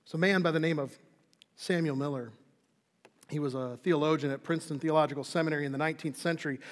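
A fairly high-voiced man preaches a sermon to his congregation. He is earnest, builds to emphatic peaks and falls to soft, quiet endings. His voice rings out with a long hall reverb. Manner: earnest preaching, rising to emphatic, dropping soft for closing lines. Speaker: pastor.

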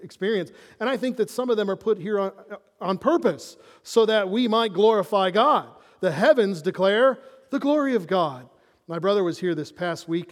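A man preaching a sermon as pastor, animated and conversational, dropping into hushed awe at times. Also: high-pitched, in a large hall.

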